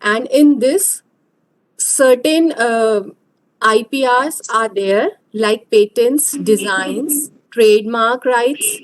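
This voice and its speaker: A woman giving an online lecture over a video call, explaining slowly and hesitantly. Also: fairly high pitch, slight background noise, low-quality recording.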